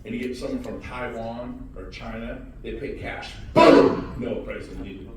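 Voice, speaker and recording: A man giving a high-energy motivational talk about real estate to a live audience, shouting and teasing the crowd. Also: steady tone, moderate pace, noisy background. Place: large hall with audience. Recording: echoey hall, mic far off.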